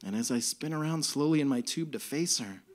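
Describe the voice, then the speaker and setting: Animated male storyteller on stage. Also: on the high side, fairly quick. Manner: animated, comic, self-mocking. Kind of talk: live personal storytelling. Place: stage at a music venue.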